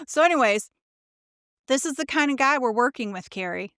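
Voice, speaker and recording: A woman's voice: fairly high pitch, animated, fairly quick, pushed and bright, dry recording, clean studio sound. A middle-aged woman co-hosting a podcast, telling a story in casual chat and acting out the quotes with swearing. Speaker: podcast co-host.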